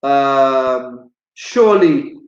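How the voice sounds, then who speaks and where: A man's voice: medium pitch, expressive, very slow, roomy sound, dull audio. A man hosting a live radio talk show, chatty and jokey, often repeating his words.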